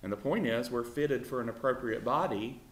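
A man's voice: medium pitch, moderate pace. A man teaching an informal Bible class, talking conversationally with many fillers and putting questions to his students. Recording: roomy echo.

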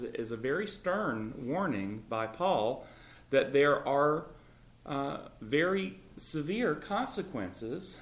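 A man's voice: mid-range voice, fairly bright tone, reverberant. A man leading a Bible study, explaining and reading scripture in an earnest, conversational way. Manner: earnest, repeats words, reads scripture aloud.

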